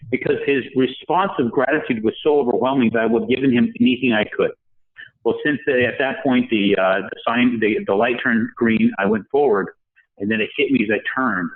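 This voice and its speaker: The audio is narrow and tinny, carrying a man's medium-pitched voice. As a podcast guest, he tells a personal story during the interview and acts out how the people he quotes sounded.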